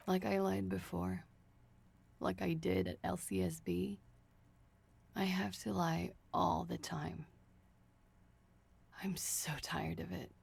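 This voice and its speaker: A weary, evasive young woman under questioning talks in a low voice with a creaky edge. She sounds guarded and tired, pleading her case in a video game. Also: darkish tone, full character voice.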